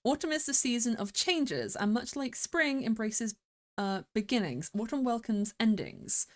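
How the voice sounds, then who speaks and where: A woman's voice: on the high side, animated, a little slow, voice pushed up. A woman reading as a flirty fae wife. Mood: gentle. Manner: teasing, affectionate, calls the listener darling. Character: flirtatious female fae wife, seasonal spirit. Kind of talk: reading game dialogue aloud.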